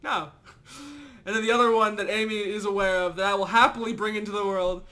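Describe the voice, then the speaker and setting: High bright-voiced man, rambling. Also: steady tone, fast. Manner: rambling and giggly, many fillers. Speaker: podcast co-host. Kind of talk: casual fan podcast chat.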